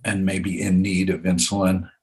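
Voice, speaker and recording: An older man in his seventies with a very low voice recounts a story from his own life in relaxed conversation. He repeats phrases for effect and chuckles often as he talks. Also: unhurried. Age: 70s. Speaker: guest storyteller.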